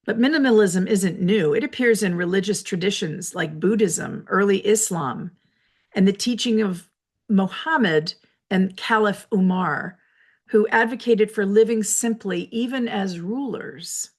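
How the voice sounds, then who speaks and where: A woman hosting a reflective solo talk from her office, explaining ideas in a measured, lecturing way with personal asides. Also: medium pitch, a little mellow, slightly rough. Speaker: host.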